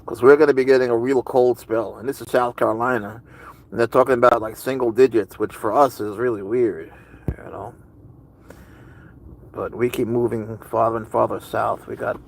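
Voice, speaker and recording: A man's voice: on the low side, creaky, a little hiss or hum, rough recording. A man hosting a casual livestream with his cat, rambling chattily and answering viewers' chat messages. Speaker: livestream host with pet cat.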